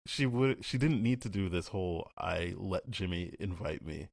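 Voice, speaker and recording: A man's voice: low-pitched, animated, normal speed, vocal fry, dry recording. A man co-hosting a podcast, chatting casually and bluntly, swearing freely and acting out characters' lines. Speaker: podcast co-host. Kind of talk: casual spoiler review chat.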